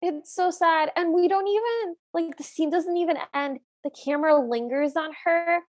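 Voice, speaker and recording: A woman's voice: very high voice, moderate pace. A woman co-hosting a podcast in casual chat, earnest and openly opinionated about what she likes and dislikes. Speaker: podcast co-host.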